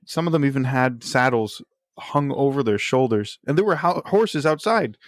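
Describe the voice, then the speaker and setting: A man, a guest on a casual podcast, candidly telling personal stories and getting animated as he retells them. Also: medium pitch, moderate pace, dry recording, clean studio sound. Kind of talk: casual storytelling.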